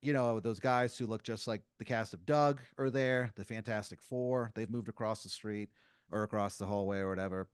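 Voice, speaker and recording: Zelulon, a man voicing a calm helmeted guide. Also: on the low side, normal speed, clear, resonant tone, no room sound, clean studio sound, natural voice. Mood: explaining. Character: calm male fictional guide in black astronaut helmet.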